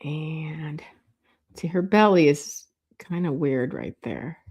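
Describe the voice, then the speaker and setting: A woman's voice: low voice, slow, a little mellow, husky. A woman teaching a drawing lesson, thinking aloud with fillers as she works. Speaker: art teacher. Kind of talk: drawing tutorial.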